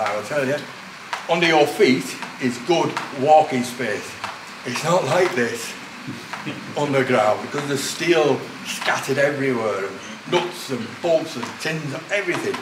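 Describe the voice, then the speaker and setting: An older man, a former miner guiding visitors through a museum, telling stories with lively energy and laughing at himself. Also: medium pitch, background noise. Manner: animated storyteller, laughs at himself. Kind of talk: guided tour talk. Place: indoor mining museum.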